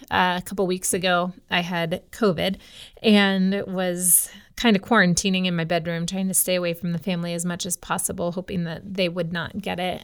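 A woman's voice: lowish voice, clear, resonant tone. A woman pastor from the United States, tired today, speaking candidly in a conversational devotional podcast, telling a family story. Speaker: women's pastor.

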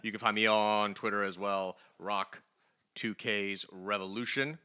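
A man's voice: fairly low pitch, fairly even intonation, measured pace, bright, forceful tone, clean tone. A man hosting a casual comics news podcast, upbeat and chatty, laughing often. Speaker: podcast host.

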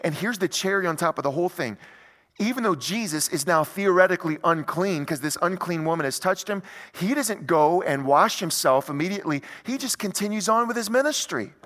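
A male pastor preaching a sermon in a conversational, animated way, full of rhetorical questions. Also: high voice, brisk, big-room sound.

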